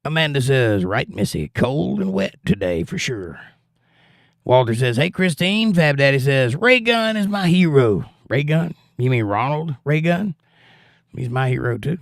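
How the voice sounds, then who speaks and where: A man's voice: mid-range voice, lively intonation, a little slow, creaky, no room sound, clean studio sound. A man from Georgia hosting a livestream, reading viewer comments aloud and telling jokey stories in a folksy way. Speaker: livestream host reading chat. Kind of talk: casual chat.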